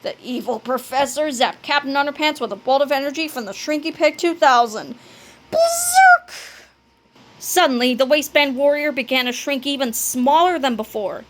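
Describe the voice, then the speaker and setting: A woman reading a children's book aloud, telling the story with animated delivery and dramatic sound words. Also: high-pitched. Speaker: narrator.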